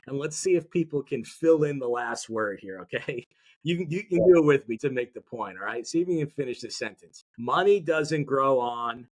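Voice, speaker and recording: Animated, upbeat motivational man. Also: mid-range voice, a little fast, slightly rough. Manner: energetic, motivational, audience-engaging. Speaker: podcast guest, mindset educator. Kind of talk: conversational interview.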